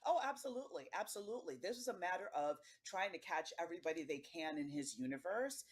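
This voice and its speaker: News analyst guy, calm and explanatory, a bit higher voice. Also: breathy edge. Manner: measured, explanatory. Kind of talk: news interview answers.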